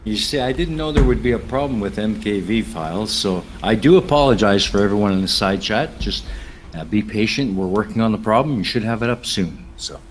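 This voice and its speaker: Man, stream host, low voice, laid-back, faint noise behind. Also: a little fast. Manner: relaxed, easygoing, laughs often. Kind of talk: live stream banter.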